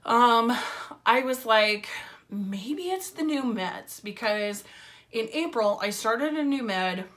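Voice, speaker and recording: A woman's voice: fairly high pitch, lively intonation, takes it slowly, fairly bright tone. A woman telling a casual story-time vlog in a chatty, filler-heavy way, with wry sarcasm. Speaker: vlogger.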